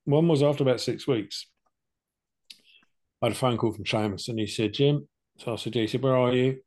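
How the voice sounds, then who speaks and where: An older man talks briskly in a mid-range, darkish voice, relating his personal cancer story as a podcast co-host. Casual, chatty and plain-spoken, he acts out both sides of every conversation.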